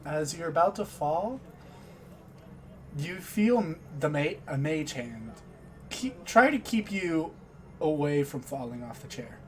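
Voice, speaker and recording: A man's voice: on the high side, expressive, slow pace, darkish tone, faint music behind. A man narrating as game master in a loose, rambling, self-correcting way.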